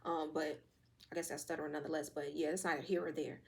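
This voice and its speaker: Young woman, tarot reader, rapid speech, slightly hoarse, casual and profane. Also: sits low. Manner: fast, loose and profane, with lively quoted asides.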